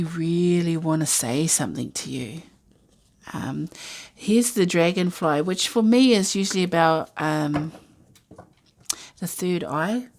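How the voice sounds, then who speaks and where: A woman talks through a tarot spread in a loose, meandering way, full of fillers and asides. Her voice sits a little low for a woman. The style is a relaxed, intuitive reading. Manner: rambling, musing, many fillers and asides. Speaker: tarot reader.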